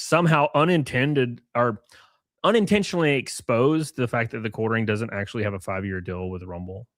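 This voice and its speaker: A man's voice: medium pitch, fairly bright tone, dry recording, clean studio sound. Alabama man rambling through a livestream. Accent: Alabama Southern. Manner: rambling, crude, joking asides. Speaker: streamer reading chat. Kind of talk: casual livestream commentary.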